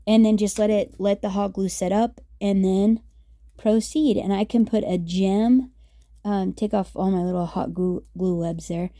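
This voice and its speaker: A woman's voice: mid-range voice, fairly even intonation, measured pace, dark tone, dry recording, clean studio sound. A woman hosting a casual craft tutorial, chatty and upbeat with many fillers as she works. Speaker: craft video host.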